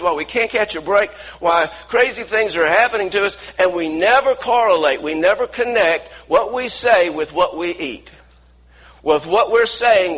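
A man's voice: high voice, fairly bright tone, slightly rough, dull audio. A man preaching a sermon earnestly, often restarting phrases and asking the congregation to repeat lines after him.

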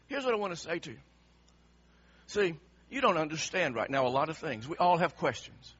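A male pastor preaches with emphasis and asks his congregation the same question again and again. His voice sits high for a man and sounds sharp and husky. The recording has a slightly dull tone. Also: big pitch swings, a little fast. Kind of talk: sermon.

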